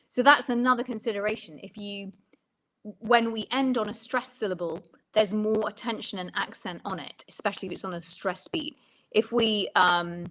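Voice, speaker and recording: A woman's voice: medium pitch, fairly bright tone, low-quality recording. A woman songwriting coach explaining melody and lyric writing in an interview, thoughtful and stopping often to rephrase.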